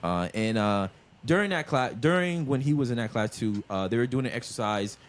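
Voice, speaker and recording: A man talking through a long argument on a casual podcast. His delivery is easygoing and full of fillers, and his pitch moves around a lot as he talks. He has an ordinary middle-range voice. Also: animated, a little fast. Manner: laid-back, explains at length with fillers. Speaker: podcast co-host.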